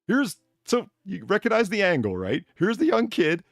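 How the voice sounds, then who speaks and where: Gravelly guy hosting a stream, super animated, swears, does little voices for quotes, dry close sound. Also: high voice, normal speed, no echo. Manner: animated, profane, acts out quotes while narrating a clip. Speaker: stream host. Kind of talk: casual chat.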